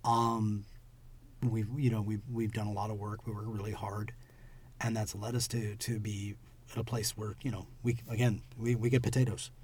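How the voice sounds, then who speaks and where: A man's voice: lowish voice, flat delivery, normal speed, a little mellow, slightly rough. A man co-hosting a podcast, chatting casually and teasing with mock seriousness. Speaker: podcast co-host. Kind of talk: casual chat.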